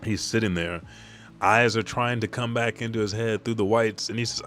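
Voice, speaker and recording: A man's voice: on the low side, fairly even intonation, moderate pace, fairly bright tone, soft background music. A man casually reading a comic aloud with offhand, profane commentary. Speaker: manga reader and commentator.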